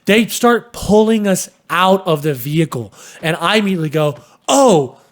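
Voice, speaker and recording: Animated high-voiced man telling a story. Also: moderate pace. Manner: animated, swears, acts out sounds and voices. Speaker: podcast host. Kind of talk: casual storytelling.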